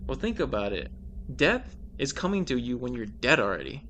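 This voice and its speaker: Bright-voiced man reading horror stories. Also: mid-range voice, big pitch swings, moderate pace, a little hiss or hum. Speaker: podcast host. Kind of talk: casual chat and reading short horror stories.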